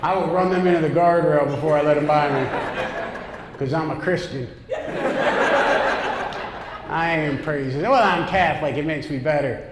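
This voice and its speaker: Brash stand-up comic in echoey club. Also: male voice, on the high side, moderate pace, pauses often. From upstate New York. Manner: brash, punchy delivery with crowd asides. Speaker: stand-up comedian. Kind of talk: stand-up comedy set. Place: comedy club stage. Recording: echoey club room with noise. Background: audience laughter.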